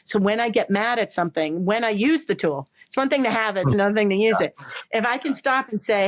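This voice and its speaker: Woman, podcast guest, animated storyteller, emphatic, mid-pitched voice. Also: fast talker. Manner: animated, emphatic, repeats words when excited. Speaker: podcast guest, body language expert. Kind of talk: conversational storytelling interview.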